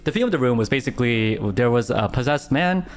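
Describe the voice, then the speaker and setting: A young man streamer telling a story in casual chat, animated, with stammering restarts and frequent laughter. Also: mid-range voice, fast, faint music behind.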